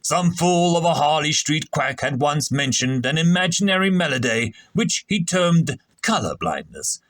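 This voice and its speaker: A man reads a story aloud in a storytelling style, his pitch a shade higher than average. His intonation rises and falls in an animated, expressive way. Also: a little slow, dry recording. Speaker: story narrator. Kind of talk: storytelling narration.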